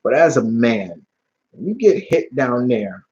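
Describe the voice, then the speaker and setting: A YouTube channel host with a mid-range, slightly rough voice answers live chat questions at a measured pace. He rambles through animated, slang-filled stories, often restarting his sentences. The recording is muffled.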